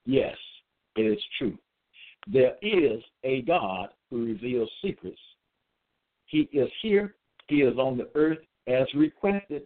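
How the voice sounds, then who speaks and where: A man delivering a slow religious monologue in an emphatic, repetitive way, spelling out letters and restarting his sentences with frequent hesitations. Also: mid-range voice. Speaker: self-styled religious teacher. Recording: tinny phone-like sound.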